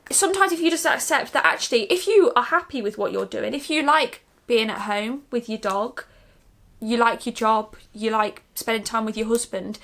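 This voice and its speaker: Young woman, casual co-host, chatty, giggles easily, high voice. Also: a bit bright. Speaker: co-host giving advice. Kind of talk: casual advice chat.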